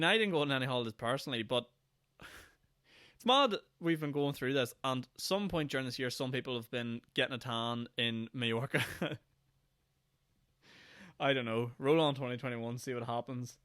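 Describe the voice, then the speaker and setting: Tired Northern Irish guy in his twenties, solo podcast host, sarcastic rambler, bright clear voice. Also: mid-range voice, no room sound, clean studio sound. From Northern Ireland. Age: 20s. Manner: rambling, sarcastic, acts out mock quotes. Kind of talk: casual solo podcast monologue.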